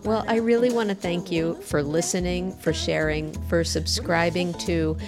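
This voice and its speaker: A woman's voice: fairly low pitch, fairly even intonation, moderate pace. A woman hosting a podcast, thanking her guest and her listeners in an encouraging way. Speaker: podcast host. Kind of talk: casual interview. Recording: music playing behind.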